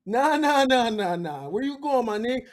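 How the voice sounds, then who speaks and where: A slangy, streetwise master, speaking low and heavy as he coaxes a servant to stay and then shuts him down cold, as a man puts him on. His casual talk carries real weight. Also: moderate pace. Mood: coaxing. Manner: slangy, coaxing then flatly refusing.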